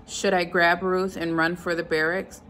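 Low-voiced woman reading a novel aloud. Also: level tone, fairly bright tone, slight background noise, poor audio. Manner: unhurried, stops to comment on the story. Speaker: reader.

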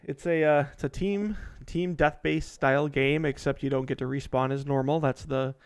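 A man's voice: medium pitch, steady tone, normal speed, clean tone. A man hosting a casual chat on a video call, explaining things in a loose, rambling way. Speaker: host.

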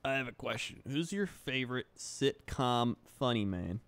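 A man's voice: medium pitch, lively intonation, moderate pace, fairly bright tone, a little hiss or hum. A man chatting casually while gaming with friends, making dry, mock-serious jokes. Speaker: streamer playing a battle royale game.

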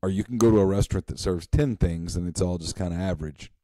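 A man's voice: low-pitched, fast talker, mellow, dry recording, poor audio. A man co-hosting a casual sports talk show, acting out little scenes in quoted voices.

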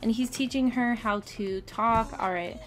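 This gameplay commentator's voice is on the high side and a little slow. The young woman chats and giggles through a casual let's-play of a life-simulation game, often addressing her characters as faint game music plays behind.

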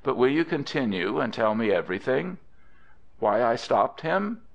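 A man's voice: medium pitch, sing-song, moderate pace, gravelly, highs cut off, pitched above the performer's own voice. A man voicing a proud, wary young woman who asks strained, guarded questions in an audiobook.

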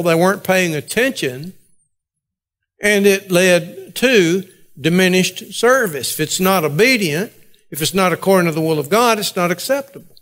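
Male preacher, high-pitched voice, deliberate sermon pacing with weighty pauses. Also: a bit bright. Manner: measured delivery with slow, emphatic pauses. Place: church sanctuary.

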